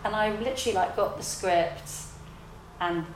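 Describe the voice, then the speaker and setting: A woman, a theatre director telling her story in a relaxed, reflective interview. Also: medium pitch, moderate pace, slight background noise. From south London, England. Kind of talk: casual interview conversation. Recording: roomy echo.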